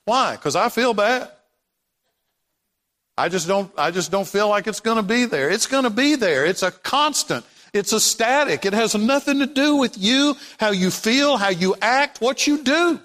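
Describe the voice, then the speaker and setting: High-voiced preacher in a ringing hall. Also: male voice, animated, normal speed, few pauses, a bit bright. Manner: impassioned preaching, rising to emphatic repetition. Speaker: pastor. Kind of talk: sermon. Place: church sanctuary. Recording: long hall reverb.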